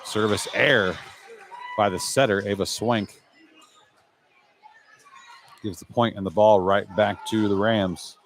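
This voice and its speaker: A man's voice: fairly low pitch, steady tone, some chatter behind, a little hiss or hum. Man calling a volleyball match live. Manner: brisk, conversational, chatty asides. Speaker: play-by-play announcer. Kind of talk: live sports commentary.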